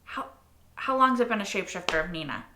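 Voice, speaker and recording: A woman hosting a casual reaction video, animated and frequently swearing, repeating phrases as she talks things through. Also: medium pitch, brisk, noisy background. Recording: roomy echo.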